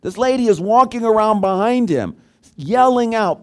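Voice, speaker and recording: A man delivers a sermon, his voice sitting a little higher than most men's. He stays conversational and keeps asking his listeners questions. He rises to loud, emphatic peaks and then sinks into quiet, low asides. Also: animated, moderate pace. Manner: conversational, asks the congregation questions. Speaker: pastor.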